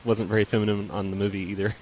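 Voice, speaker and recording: A man's voice: fairly low pitch, little pitch movement, racing, a little mellow, slight background noise, low-quality recording. A man hosting a casual call-in show, joking with callers and laughing often. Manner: easygoing, teasing, laughs often. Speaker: show host.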